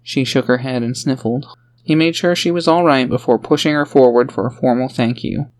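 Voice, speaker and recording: A man narrating a fantasy audiobook in an even, steady storytelling manner. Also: medium pitch, fairly quick. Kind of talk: scripted narration.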